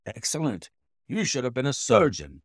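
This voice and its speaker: A man voicing a middle-aged Victorian doctor, brisk and measured in speech. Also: medium pitch, huge pitch swings, slightly rough, no room sound. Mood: concerned.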